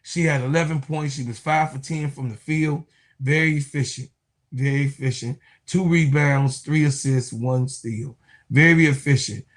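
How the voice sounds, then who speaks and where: A man's voice: a little high, a bit bright. A young man with a Chicago accent hosting a casual sports talk stream, trash-talking and laughing often. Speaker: sports commentary host.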